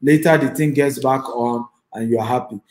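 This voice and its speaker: A man with a Nigerian accent teaches an online class as a real estate investor and trainer, speaking at normal speed with a medium, fairly even pitch and a slightly mellow tone. He talks emphatically, repeats phrases, and pushes the audience to type their replies. The audio is poor and reverberant.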